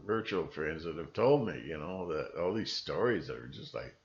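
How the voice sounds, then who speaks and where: A man's voice: a bass voice, big pitch swings, moderate pace, gravelly, dull audio. A man hosting his own video channel, talking in a rambling, casual monologue and often slipping into voices to mimic other people.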